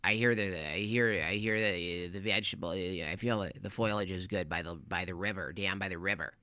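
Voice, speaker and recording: A scheming cartoon fox played by a man rattles off a quick, wheedling sales pitch. The voice is bright and fairly low, with a close, dry sound. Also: fairly even intonation, clear, resonant tone, no room sound. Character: sneaky scheming male cartoon fox offering deals.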